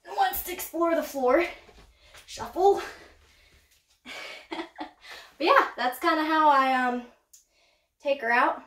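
A woman showing her pet snake in a casual vlog, chatty, laughing often and whooping with excitement. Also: high voice, slow pace, long pauses. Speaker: snake keeper vlogger. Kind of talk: casual show-and-tell vlog. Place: indoors room by a snake enclosure. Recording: echoey room.

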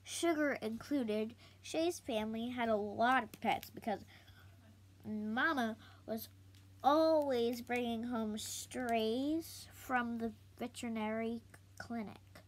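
A woman reading a children's book aloud slowly, halting now and then to correct herself. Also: on the high side. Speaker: storybook reader.

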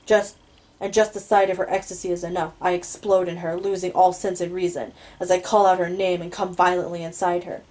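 Low-voiced woman reading a novel aloud. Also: a little fast, low-quality recording. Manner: steady, low-key storytelling with occasional stumbles. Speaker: audiobook reader. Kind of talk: first-person novel reading.

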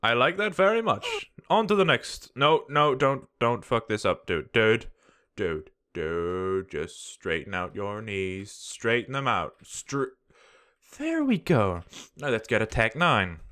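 Frantic, swearing young gaming host. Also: male voice, medium pitch, very animated, takes it slowly. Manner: frantic, swearing, yelling at the game. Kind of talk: let's play commentary.

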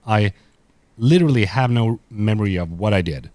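A man's voice: fairly low pitch, animated, normal speed, warm tone, dry recording. A man with a Swedish accent, whose first language is Swedish, chatting loosely as a podcast guest, full of fillers and restarts. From Sweden. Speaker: podcast guest, content creator. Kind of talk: casual interview chat.

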